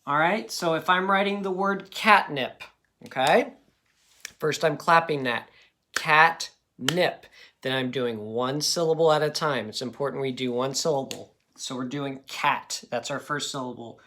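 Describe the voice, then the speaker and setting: A man's voice: medium pitch, normal speed, bright, forceful tone. A man teaching a phonics lesson, patient and encouraging, checking in often with "okay?".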